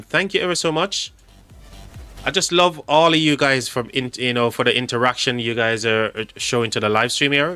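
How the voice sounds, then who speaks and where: A man's voice: a little high, pushed and bright. A man hosting a casual livestream, reading chat aloud and laughing often. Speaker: livestream host.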